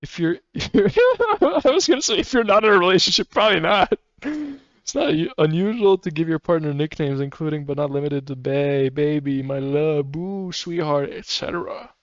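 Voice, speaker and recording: At a moderate pace, a fairly high-pitched male streamer chats in a rambling way, swearing and laughing frequently. His dry mic comes across slightly muffled.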